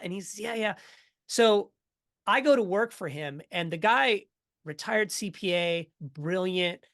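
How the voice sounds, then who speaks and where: A middle-aged man, a podcast guest, telling his story in a casual, energetic way and acting out what others said. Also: high voice, unhurried. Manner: energetic, animated storyteller who acts out quotes.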